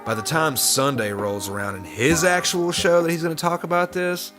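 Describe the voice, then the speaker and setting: A man's voice: on the high side, steady tone, normal speed, music in the background. A man hosting a reaction video, giving sarcastic, profane commentary on clips. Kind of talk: mocking commentary over clips.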